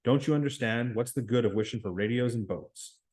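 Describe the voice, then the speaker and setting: A man's voice: mid-range voice, fairly quick, darkish tone, natural voice. A man reading aloud the lines of an anxious, earnest schoolboy with asthma, in a pleading tone.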